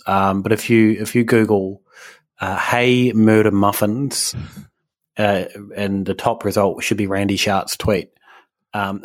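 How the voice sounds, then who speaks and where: Man, podcast co-host, low-ish voice, loose rambling chat, lots of ums. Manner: rambling, hesitant with many fillers.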